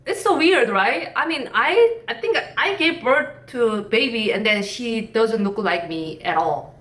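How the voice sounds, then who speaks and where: A young woman from North Korea with a Korean accent, telling a personal story in halting, candid English that often breaks into laughter. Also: a little high, expressive, a bit bright. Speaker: vlogger. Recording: roomy echo, mic at a distance.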